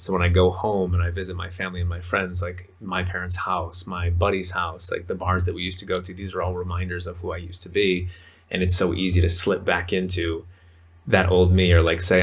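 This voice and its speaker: A man's voice: sits low, completely flat delivery, a little fast, gravelly. A man talking as a podcast guest in casual, rambling conversation, full of fillers. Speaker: podcast guest, men's coach.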